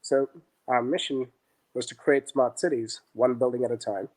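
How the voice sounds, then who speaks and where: A middle-aged man speaks at an ordinary pitch as a guest on an interview podcast. He tells his business stories casually, slipping into other voices as he quotes the people in them. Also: moderate pace. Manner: animated, acts out dialogue in quotes. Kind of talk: conversational storytelling.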